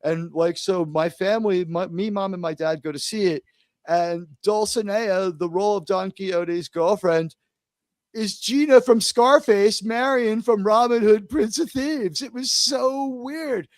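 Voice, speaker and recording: Animated, high-voiced American male host. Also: a little slow, no echo, studio quality. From United States. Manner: animated, jokey, theatrical emphasis. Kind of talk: casual panel chat.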